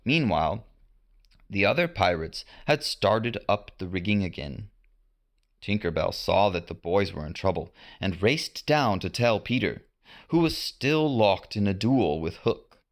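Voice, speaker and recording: A man reading a storybook adventure aloud at an unhurried pace. His pitch rises and falls a lot, and he gives the reading an expressive lift. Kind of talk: storybook narration.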